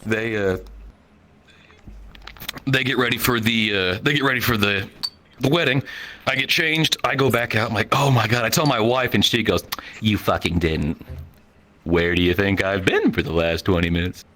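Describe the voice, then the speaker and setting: A man in his thirties telling a profane, animated stand-up story on a comedy show stage, jumping into different voices for the people he quotes. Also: lowish voice, moderate pace, a little hiss or hum.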